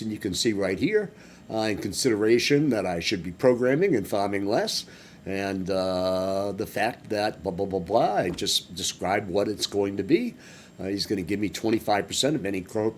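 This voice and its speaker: A man from Massachusetts talks his way through a farming game stream, with a low voice that jumps around a lot in pitch. He rambles and cracks jokes as he plays. Engine rumble from the game vehicles runs clearly underneath. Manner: chatty, rambling, joking asides. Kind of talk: casual gameplay commentary.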